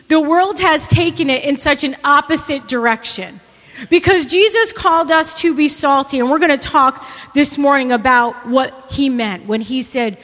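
A woman's voice: high voice, a bit bright, big-room sound. A woman pastor preaching a sermon to her church, asking the congregation questions and repeating key phrases for emphasis. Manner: preaching with rhetorical questions and repetition.

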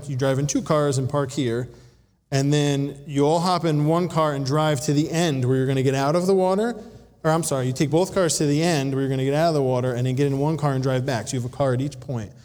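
A man preaching a sermon, telling a personal story in an animated way and acting out voices. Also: fairly high pitch. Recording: long hall reverb.

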